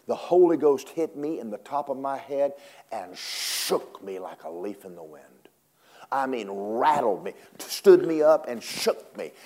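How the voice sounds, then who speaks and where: Dramatic preacher man, lively pitch. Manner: dramatic, swings from shouting to hushed whispers. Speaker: pastor. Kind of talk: preaching a sermon.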